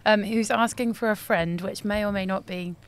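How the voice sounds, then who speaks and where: A woman guesting on a sports podcast, softly reading out a fan question. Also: medium pitch, steady tone, moderate pace, smooth. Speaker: supporters club guest. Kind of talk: casual podcast chat.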